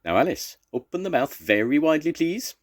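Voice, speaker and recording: An effusive circus elephant keeper, put on by a grandfather reading a storybook aloud. He gushes over his elephant in quaint, formal phrases. The voice jumps high and swoops about with lively excitement. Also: brisk, natural voice. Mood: fussing.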